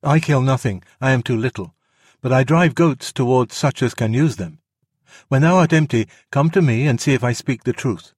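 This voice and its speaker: A man's voice: mid-range voice, normal speed, a little mellow, breathy edge, dry recording, studio quality, voice pushed up, natural voice. A man voicing an earnest young jungle boy in a storybook reading, with a raised, eager voice.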